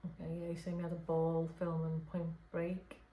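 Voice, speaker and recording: This woman speaks softly as a medium in an unscripted late-night channelling session, hesitant and full of fillers and restarts. Her lowish voice is completely flat, her pace moderate, in a roomy-sounding space.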